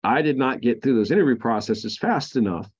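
Frank, halting male veteran storyteller. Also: medium pitch, expressive, darkish tone, slightly rough, muffled recording. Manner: frank, halting, many fillers and restarts. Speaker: podcast guest, Marine veteran. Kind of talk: candid personal storytelling.

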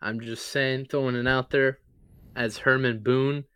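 A man talks through his picks in a loose, conversational way, his voice smooth and clear. The sound is close and dry, with no room behind him. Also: mid-range voice, steady tone, a little slow, sharp tone, dry recording. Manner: loose and conversational, ranking favorites with easygoing asides. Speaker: podcast co-host. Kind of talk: casual sports podcast chat.

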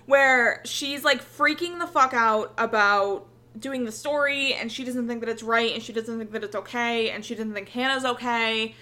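A woman co-hosting a podcast, chatting casually and excitedly, rambling and swearing a lot. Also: a little high, moderate pace. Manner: animated, heavy swearing, rambling recap. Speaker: podcast co-host.

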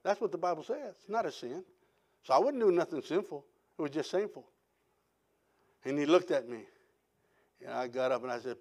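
A man preaching a sermon, telling his testimony in an animated storytelling way and quoting other people. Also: fairly high pitch, fairly quick, long pauses. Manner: animated storytelling with quoted voices.

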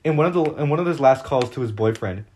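An excitable man chats on a casual podcast in a middle-pitched voice. He rambles through his stories and leans on fillers as he goes. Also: fast talker, slight background noise. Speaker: podcast co-host. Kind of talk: casual chat.

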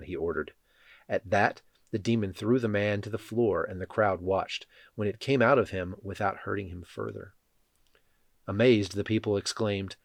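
A man reading Bible passages and leading a prayer in a measured, solemn way. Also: lowish voice, gravelly, no room sound. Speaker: scripture reader.

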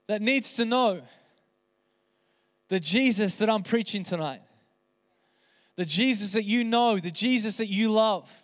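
High-voiced impassioned man preaching in a hall. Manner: impassioned, emphatic, repeats phrases. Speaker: pastor. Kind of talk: sermon. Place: church hall. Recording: reverberant hall.

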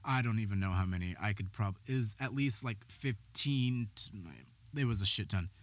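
A man's voice: lowish voice, moderate pace, a bit bright, no echo. A man hosting a podcast, telling his personal story in a candid, rambling way, swearing freely and sounding slightly out of breath. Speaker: podcast host; behavioral health worker.

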